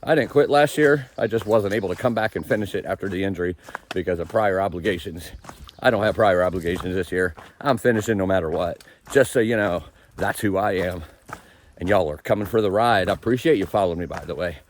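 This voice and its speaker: A man narrating his thru-hike on camera as he walks a forested mountain trail, rambling and laughing at himself, sometimes quieter and further from the mic. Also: low voice, fairly quick, slight background noise. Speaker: thru-hiker vlogging the trail. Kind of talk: casual trail vlog narration.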